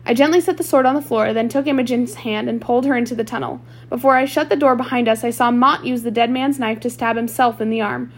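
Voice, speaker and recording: A woman's voice: a little high, steady tone, quick pace, hardly any pauses. A woman reading a novel aloud chapter by chapter, with small slips and restarts. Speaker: audiobook reader.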